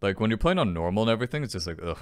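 A man's voice: lowish voice, big pitch swings, racing. A man giving frustrated, swearing commentary while playing a video game. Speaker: gaming channel host. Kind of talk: let's play commentary.

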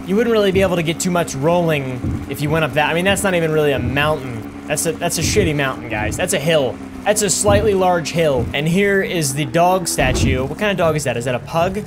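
A young man talks through a video game in loose, rambling commentary, mocking himself and swearing as he goes. His voice sits a little high for a man, and faint game noise runs underneath. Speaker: gaming YouTuber. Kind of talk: casual gameplay commentary.

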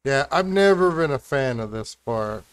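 A man's voice: mid-range voice, lively intonation, normal speed, clear, resonant tone, no room sound. A man giving casual commentary as he plays a video game, muttering and grumbling at what happens on screen. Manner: mutters and grumbles while playing. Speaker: let's play host.

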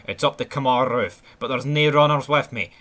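A man with a Scottish accent giving live, foul-mouthed gameplay commentary, swinging between excited yelling and glum muttering. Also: mid-range voice, a little fast. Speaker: gaming channel host.

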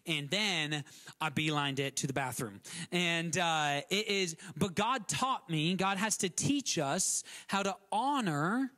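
High-voiced pastor preaching casually. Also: male voice, lively intonation, slow, pushed and bright. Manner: conversational, many restarts and repeated words; acts out quotes with sudden shifts in pitch. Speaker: guest pastor. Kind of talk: sermon.

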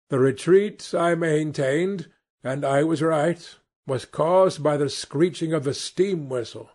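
Husky male audiobook narrator. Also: medium pitch.

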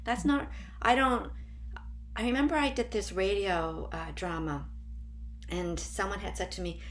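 A woman's voice: medium pitch, unhurried, slight background noise. A woman improviser speaking on a panel, reflective and searching for words as she talks. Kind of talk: panel discussion.

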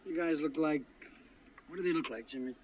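An actor playing a brisk, commanding middle-aged fixer who gives curt orders. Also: male voice, on the high side, darkish tone, natural voice, poor audio.

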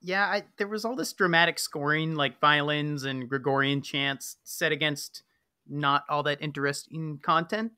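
A man's voice: on the high side, normal speed, bright, forceful tone, clear, resonant tone, dry recording, clean studio sound. A man co-hosting a wine podcast, explaining things in a wry, casual way. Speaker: podcast co-host. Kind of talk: casual chat.

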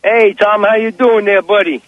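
A man's voice: sits high, steady tone, normal speed, a bit bright, dry recording, muffled recording. An older man from the Bronx calling a radio show, talking in a chummy, insistent way over the phone. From the Bronx, New York. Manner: chummy, insistent, repeats the host's name. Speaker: caller.

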